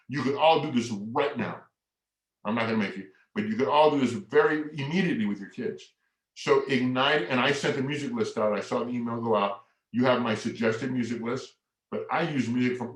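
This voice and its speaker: A man presenting a family workshop, reading poetry dramatically with big swings in volume and inflection, then explaining his method with enthusiasm. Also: mid-range voice. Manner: expressive, sweeping changes in volume and inflection when reading. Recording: echoey room.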